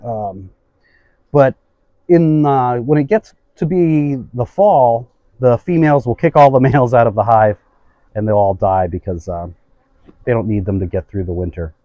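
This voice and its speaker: A man's voice: mid-range voice, normal speed, dry recording, lo-fi sound. A man working as a beekeeper, patiently explaining what he does while he inspects a hive outdoors. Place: outdoors at a beehive.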